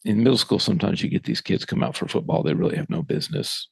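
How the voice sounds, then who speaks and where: Gravelly man telling a coaching story. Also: low-pitched, fast, no echo. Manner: lively storyteller who acts out quoted voices. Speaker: author and former middle school football coach. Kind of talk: casual storytelling in a podcast conversation.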